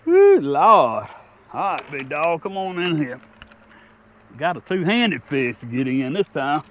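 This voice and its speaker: A man talking casually in a fishing vlog from a small boat, folksy and excitable with a laid-back drawl. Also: a little high, unhurried. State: out of breath at times. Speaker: fishing vlogger. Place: small jon boat on open water.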